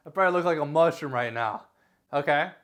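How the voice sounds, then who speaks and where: A young man talks straight to his camera indoors, rambling through tips and correcting himself as he goes. His voice sits a little high for a man, and his volume rises and falls as he gestures. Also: quick pace. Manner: rambling, self-correcting, lively delivery with varied loudness; gesturing with his hands while talking. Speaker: YouTuber giving tips. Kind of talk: casual talking-head advice vlog. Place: indoor room, recording himself. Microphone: camera facing him.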